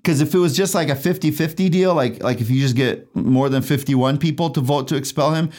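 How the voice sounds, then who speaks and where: A man's voice: medium pitch, fairly quick, darkish tone. A man who hosts a casual show as an attorney, chatty and jokey, laughing at his own dad jokes. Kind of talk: casual legal commentary.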